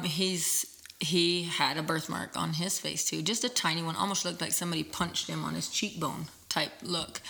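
A woman's voice: low-pitched, creaky. A woman in her thirties telling stories in casual chat, acting out the voices of people in them. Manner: animated storyteller, acts out voices in anecdotes.

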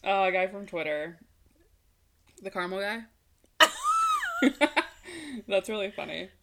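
A woman's voice: medium pitch, slow, creaky, heavy background noise. A woman co-hosting a podcast in casual chat, chatty and teasing, laughing often and filling her talk with "like". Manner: giggly, teasing, chatty with lots of "like". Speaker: podcast co-host.

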